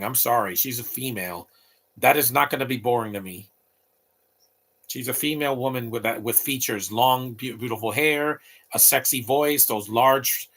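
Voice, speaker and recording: A man's voice: medium pitch, normal speed, a bit bright. A man in his late thirties giving opinionated, rambling live commentary over a movie, talking back at the screen. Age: late 30s.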